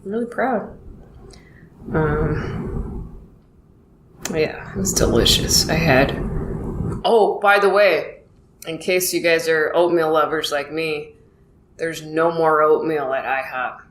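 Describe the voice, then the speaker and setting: A woman's voice: low-pitched, slow pace, long pauses. A woman in her thirties, rambling casually through a solo comedy monologue, acting out quoted exchanges in a self-deprecating way. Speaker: comedian podcast host. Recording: echoey room with faint noise.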